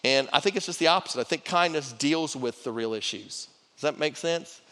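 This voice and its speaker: Fairly quick and pushed, with a bright edge and a fairly high pitch, a middle-aged pastor preaches to his church. His delivery is conversational, with repeated words and restarted phrases. Long hall reverb colors the sound.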